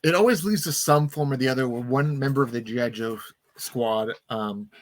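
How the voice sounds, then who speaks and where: In a dry recording, a mid-range-voiced man hosts a casual podcast, eagerly recapping a film's plot. He briefly acts out characters' lines in quick voices.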